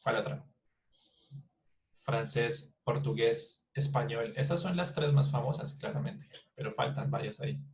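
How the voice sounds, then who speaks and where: Over poor audio, a man with a medium-pitched, darkish voice explains an online English lesson at normal speed. He learned Spanish first, and he keeps restarting and repeating words to model how they're pronounced.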